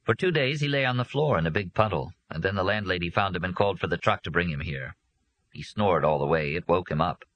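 A man reading a novel aloud as a narrator, with a steady, measured delivery. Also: low-pitched, dull audio. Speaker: audiobook narrator. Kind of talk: scripted narration.

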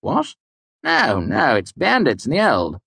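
A man's voice: a little high, huge pitch swings, measured pace, creaky, a bit bright, husky, no echo, pitched above the performer's own voice, full character voice. A man reading an audiobook, voicing a weary, irritable middle-aged mayor who speaks curtly and brusquely. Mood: curt, exasperated. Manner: curt, brusque, exasperated. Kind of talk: audiobook character voice.

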